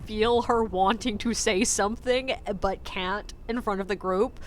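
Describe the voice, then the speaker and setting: A woman's voice: fairly high pitch, steady tone, normal speed, hardly any pauses, a little hiss or hum. A woman who works as a ghost tour guide, telling a story casually and acting out what people said, with lots of "like" fillers. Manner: chatty, lots of "like" fillers, acts out quotes.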